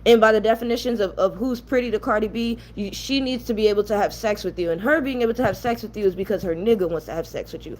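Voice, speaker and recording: A woman's voice: medium pitch, fast, few pauses, a little mellow, slight background noise. Heated, blunt young New woman. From New York. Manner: blunt, ranting, profane. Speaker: commentary channel host. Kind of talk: heated casual commentary.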